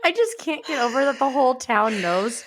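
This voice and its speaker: A woman's voice: high-pitched, expressive, moderate pace, noisy background. A woman co-hosting a podcast in casual chat, giggly and asking eager questions. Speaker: podcast co-host.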